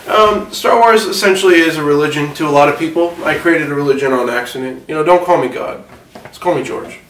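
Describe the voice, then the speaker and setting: A man's voice: fairly high pitch, fairly quick, a bit bright, reverberant, recorded from a distance, slight background noise, close to an everyday voice, poor audio. A man playing a rambling, boastful movie mogul. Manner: rambling, distracted, boastful, defensive. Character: older male film mogul, rambling, self-important. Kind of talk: satirical mock interview.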